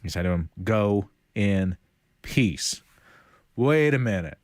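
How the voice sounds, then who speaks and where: A man teaching a casual Bible study, animated and conversational, retelling stories in everyday speech. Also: fairly low pitch, slow pace, no echo, studio quality.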